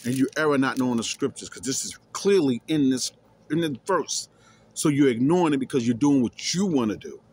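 A man's voice: medium pitch, lively intonation, fairly quick, darkish tone, husky. A man reading scripture aloud and explaining it emphatically, repeating key words and challenging his listeners. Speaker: scripture teacher.

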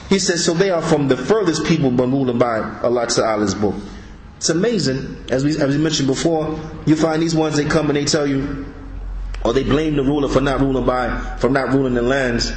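A man's voice: mid-range voice, echoey room, a little hiss or hum, rough recording. A man teaching a religious class, explaining an Arabic text and pressing his points with rhetorical questions. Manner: emphatic, rhetorical questions and repeated "huh?". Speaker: Islamic teacher.

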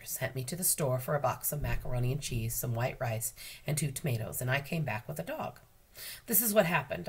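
Low husky american lady reading a kids book out loud, librarian vibes, expressive. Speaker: school librarian reading to students. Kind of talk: children's book read-aloud.

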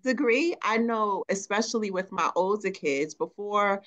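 A woman's voice: mid-range voice, animated, unhurried, a bit bright, lo-fi sound. A woman in her forties co-hosting a podcast, speaking reflectively and laughing as she talks. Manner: reflective, laughs while talking. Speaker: podcast co-host. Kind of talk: casual chat.

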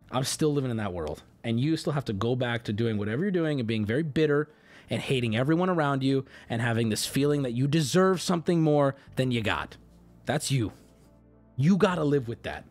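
A man streaming live, ranting casually and arguing back at his chat in a mocking, animated way. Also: fairly high pitch. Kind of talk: casual livestream rant.

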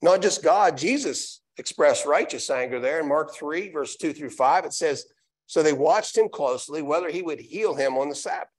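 A man's voice: fairly high pitch, animated, normal speed. A man preaching a live sermon in a church, reading scripture aloud and then restating it with emphatic repetition. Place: church sanctuary.

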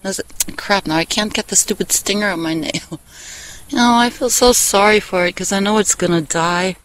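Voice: mid-range voice, moderate pace, a bit bright, no echo, rough recording. A vlogger in a casual, rambling personal chat who talks candidly, swears freely and laughs often, recorded outdoors on a handheld phone. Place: outdoors in a meadow, sitting on a wooden bench.

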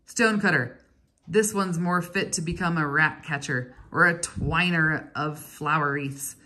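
A woman reading aloud, voicing an impatient, scornful male foreman who snaps curt orders in a storybook, her voice low and slightly husky. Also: unhurried, pushed and bright, full character voice.

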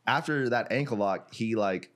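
A man from Iraq, a jiu-jitsu gym owner, telling a story as a podcast guest in casual, animated talk, laughing often and leaning on "like" and swearing. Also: on the low side, moderate pace.

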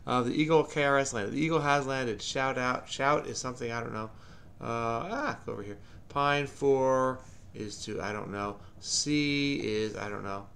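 A man's voice: medium pitch, normal speed, vocal fry, a bit bright. A man hosting a crossword-solving channel, thinking aloud in a frenetic, rambling way with lots of mumbled asides. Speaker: crossword solver, channel host.

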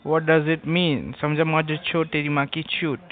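A man, heard over a tinny phone line. He mocks the caller and swears constantly. His voice is fairly high. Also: flat delivery, normal speed, soft background music. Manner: mocking, swears a lot. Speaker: phone scammer.

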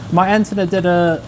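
A man's voice: sits high, a little mellow, slight background noise, low-quality recording. A young man casually chatting to his viewers while he cooks on a livestream, in a laid-back, slangy way. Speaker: streamer. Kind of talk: casual cooking livestream chat.

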